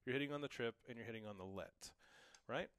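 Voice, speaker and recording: A man's voice: mid-range voice, fast, heavy background noise. A young man giving a casual, encouraging drum lesson, explaining each pattern and counting it aloud. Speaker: drum teacher. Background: drum kit.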